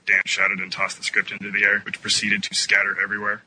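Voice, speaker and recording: Bright-voiced man narrating with voices. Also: fairly low pitch, completely flat delivery, fast, a little hiss or hum, rough recording. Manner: playful narration with many put-on character voices. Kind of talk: reading a fan-made birthday audio story.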